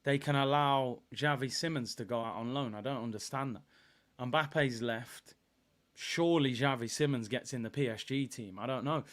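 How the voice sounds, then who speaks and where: A young man hosting a live football watchalong, chatting casually with viewers and bursting into excitement. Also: medium pitch, moderate pace. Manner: animated, banter with chat, bursts of excitement.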